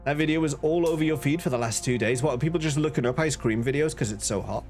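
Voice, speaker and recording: A man's voice: fairly high pitch, fast, darkish tone, faint music behind. A man chatting casually on a live stream, laughing often and reading out chat messages. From northern England.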